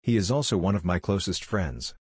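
An earnest, confident young ninja leader, as a man reads him in a storybook reading. The voice sits very low and sounds dry and close, with a kind, persuasive manner. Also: lively intonation, brisk, breathy edge, dry recording. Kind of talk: audiobook reading of fan fiction.

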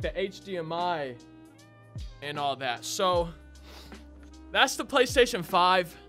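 A man's voice: a little high, sharp tone. A young man chatting casually to viewers as he unboxes a console, a bit out of breath. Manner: chatty, talks to viewers as y'all. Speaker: gaming YouTuber.

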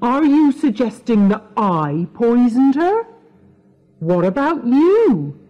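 A man's voice: very high-pitched, sing-song, slow pace, narrow, tinny audio, pitched above the performer's own voice, heavily acted. A woman voicing a tired, worried man of about fifty in an audiobook, sounding defensive and accusing.

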